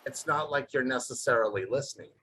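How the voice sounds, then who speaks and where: A man co-hosting a casual call, relaxed, reading out viewer questions. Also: mid-range voice, quick pace, slight background noise. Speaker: co-host. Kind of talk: casual video-call chat.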